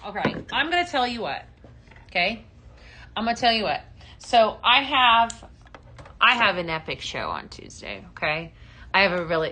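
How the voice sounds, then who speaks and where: A woman's voice: on the high side, bright, forceful tone. A woman hosting a casual live-stream shopping show, chatty and upbeat, with many ums, calling viewers her friends.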